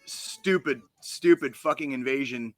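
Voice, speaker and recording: A man's voice: medium pitch, measured pace, dry recording. A man from the United States co-hosting a gaming podcast, ranting heatedly and swearing constantly in casual chat. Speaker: podcast co-host.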